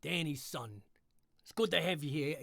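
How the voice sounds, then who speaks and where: A man's voice: fairly high pitch, animated, normal speed, vocal fry, fairly bright tone, no room sound, studio quality, exaggerated voice. A man doing a cocky wisecracking raccoon. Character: cocky male space raccoon, wisecracking, fast-talking.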